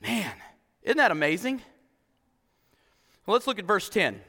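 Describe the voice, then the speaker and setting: High, lively, echoing preacher man. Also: unhurried, creaky. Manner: animated, exclaiming "huh?" and "come on". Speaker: pastor. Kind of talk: sermon. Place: church hall. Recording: long hall reverb.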